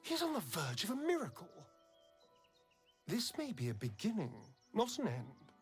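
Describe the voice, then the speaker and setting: A man's voice: high voice, huge pitch swings, moderate pace, soft background music. An actor playing a vain, scheming male vampire spawn elf who speaks in a silky, dramatic way, savoring his words, in a video game. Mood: ambitious.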